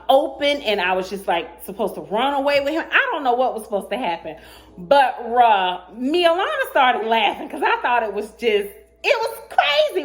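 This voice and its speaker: A woman vlogger telling a dating story in a casual storytime, sassy and animated, often laughing as she acts out both sides of the chat. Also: a little high.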